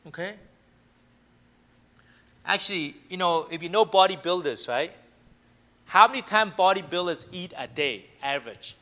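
A man's voice: high voice, moderate pace, long pauses, sharp tone. A man giving a conversational sermon, often checking in with his listeners and telling everyday stories. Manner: conversational, keeps asking "right?" and "okay?"; tells everyday stories to make points. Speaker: preacher.

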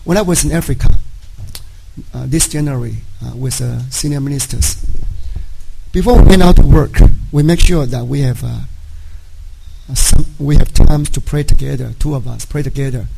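A middle-aged man, a native Chinese speaker, giving a personal testimony to a congregation in halting speech, often checking in with "right?". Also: mid-range voice, gravelly, noisy background. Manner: halting, frequent "right?" tag questions. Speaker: church member giving a testimony.

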